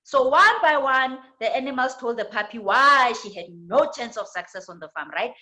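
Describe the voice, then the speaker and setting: A woman's voice: a little high, expressive, normal speed, hardly any pauses, sharp tone, rough recording. A woman with a South African accent teaching a church women's leadership class, often repeating words and asking "right?". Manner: tag questions, repetitions. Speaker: women's ministry trainer.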